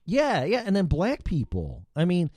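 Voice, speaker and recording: A man's voice: high-pitched, huge pitch swings, measured pace, a little mellow, no echo. A man hosting a casual chat show, rambling and swearing freely, with frequent restarts. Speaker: show host.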